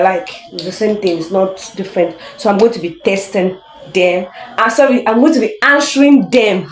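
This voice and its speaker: A woman teaching English in a casual online lesson, chatty, laughing often and reading examples slowly for emphasis. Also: mid-range voice. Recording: echoey room.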